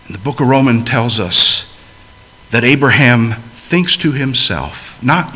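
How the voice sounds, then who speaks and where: A male preacher with a bright, forceful voice, mid-range in pitch. He delivers a sermon with real expression, swelling for emphasis and then dropping to soft, hushed asides. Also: expressive, measured pace.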